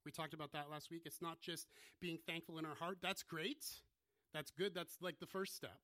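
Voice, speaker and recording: A man's voice: on the high side, steady tone, normal speed, pushed and bright, dry recording. A man from the US Midwest, preaching a casual, self-deprecating sermon. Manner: conversational, self-deprecating, joking asides. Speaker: pastor.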